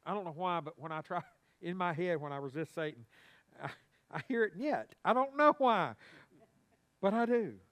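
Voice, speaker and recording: A pastor gives a sermon in a church sanctuary at a normal speed with frequent pauses. His voice is on the high side for a man, and he speaks in an animated, folksy way, often asking the congregation to respond.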